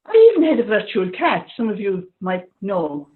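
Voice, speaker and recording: A woman doing stand-up in a put-on Irish accent over a video call, wry and halting, with a mock-sad tone. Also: medium pitch, huge pitch swings, narrow, tinny audio. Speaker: stand-up comedian. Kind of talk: deadpan lockdown stand-up.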